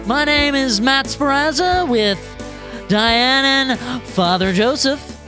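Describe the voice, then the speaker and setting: A man voicing a showy 1940s radio announcer with slow, drawn-out theatrical delivery. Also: very high-pitched, pushed and bright, faint music behind, voice pushed up, heavily acted. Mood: grandiose.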